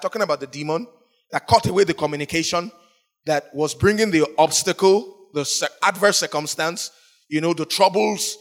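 A man with a somewhat high voice preaches a sermon in a storytelling way. He voices the people in his story and breaks into sudden emphatic rises, then drops back to a quieter tone. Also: moderate pace.

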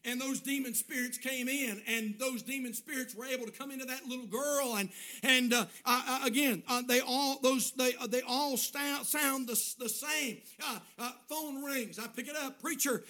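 A man preaching a sermon as pastor, swinging between loud shouted bursts and quiet, hushed storytelling. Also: very high voice, steady tone, normal speed.

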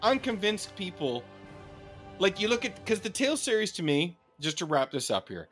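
A man's voice: high-pitched, moderate pace, faint music behind. Ranting middle-aged man. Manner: animated, profane ranting. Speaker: podcast co-host. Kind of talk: casual gaming podcast chat.

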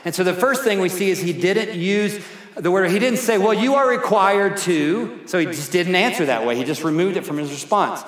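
A middle-aged pastor preaching a sermon in a church, slow and emphatic, repeating his key phrases. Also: high-pitched, lively intonation, fairly bright tone. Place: church sanctuary. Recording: echoey hall reverb.

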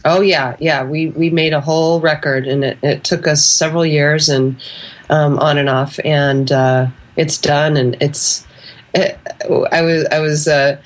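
A woman singer-songwriter speaking as an interview guest, her voice congested from a cold. She talks in a relaxed, meandering way, full of ums and restarts. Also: low-pitched, unhurried. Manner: relaxed, rambling with many fillers. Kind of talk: casual interview.

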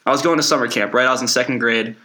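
A man's voice: mid-range voice, rapid-fire, bright, forceful tone. A young man co-hosting a casual podcast, telling stories in a laid-back way and saying "dude" often. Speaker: podcast co-host. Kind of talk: casual storytelling.

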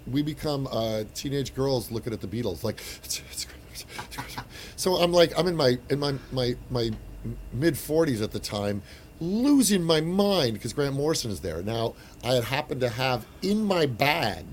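A man in his forties, an actor telling an anecdote in casual chat, animated with frequent restarts. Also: medium pitch, a little hiss or hum. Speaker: actor and guest.

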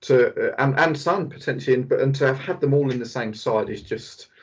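A man hosting a casual football podcast who talks with eager excitement and many fillers. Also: mid-range voice, highs cut off. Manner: enthusiastic, fast, filler-heavy analysis. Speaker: podcast host.

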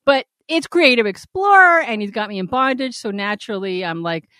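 A woman spins a candid story in casual chat, her voice swinging widely in pitch and leaping high when she acts out moments. She laughs often. The sound is dry and close. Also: fairly quick, dry recording. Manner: animated storyteller, swoops up when quoting. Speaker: podcast co-host.

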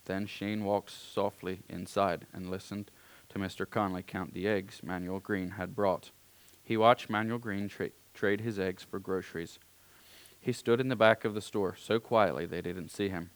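A man reading a story aloud in a calm, unhurried way, now and then clearing his throat. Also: low voice, no echo.

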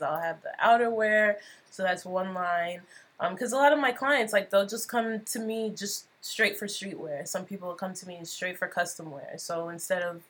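A woman's voice: lowish voice, a bit bright. A woman guest on a podcast, a clothing designer explaining her brand in a laid-back way. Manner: laid-back, explains plainly, laughs often. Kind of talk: casual podcast interview.

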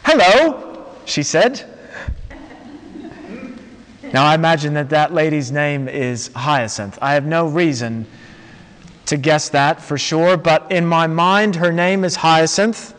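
A man preaching a sermon, telling a story slowly and dramatically with long pauses. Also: on the high side, fairly even intonation, fairly bright tone, clean tone. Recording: long reverb of a large hall.

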